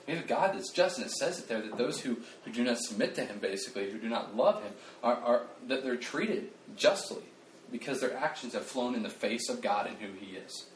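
A man preaching a casual sermon, animated and conversational, joking at his own expense and restarting his sentences often. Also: medium pitch, brisk, slight background noise. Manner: animated, conversational, self-deprecating, with frequent restarts and fillers. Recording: roomy, distant mic, faint ambience.

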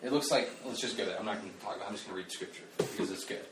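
Guy preaching casual, lively and chatty, lots of restarts, echoey room, mic kinda far off. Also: on the low side, very fast, noisy background. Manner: animated, conversational, self-deprecating, with frequent restarts and fillers. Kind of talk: casual sermon. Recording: roomy, distant mic, faint ambience.

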